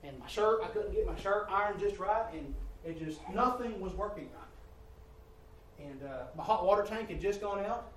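A man preaching a sermon with a high voice, caught from some distance in a reverberant church hall. He tells stories in a confessional way and swings between hushed and loud, exasperated passages. Faint room ambience sits behind him. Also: lively intonation, moderate pace, a little hiss or hum.

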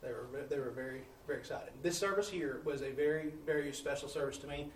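A man's voice: fairly high pitch, fast talker, slight background noise. A man, a missionary preacher telling testimonies in a folksy sermon style, acting out the dialogue. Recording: echoey room, distant mic, faint ambience.

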